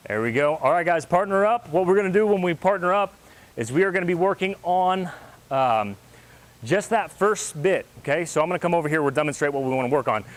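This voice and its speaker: A man teaching a martial arts class, counting moves and giving brisk coaching cues. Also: fairly high pitch, lively intonation.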